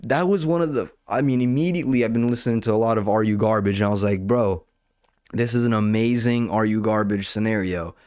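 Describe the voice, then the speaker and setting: A man's voice: lowish voice, a little fast, no echo, clean studio sound. A young man hosting a podcast, telling a rambling, profane story about his work at a club door in a casual way. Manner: profane, rambling, animated retelling. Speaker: podcast host; nightclub door staff. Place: home kitchen.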